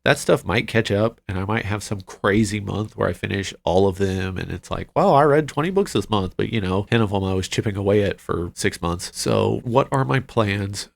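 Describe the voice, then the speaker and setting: A man hosting a casual book wrap-up vlog, chatty and rambling, with frequent fillers and quick asides. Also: lowish voice, fairly even intonation, gravelly. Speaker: book channel host.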